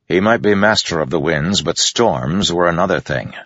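A man narrating a fantasy audiobook with a steady, measured reading, in a dull, dry recording. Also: low voice, no echo.

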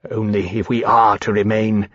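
A man voicing a large male dragon who speaks frankly and earnestly, quick to take offence. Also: fairly low pitch, little pitch movement, fairly bright tone, no room sound. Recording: slightly dull, dry recording.

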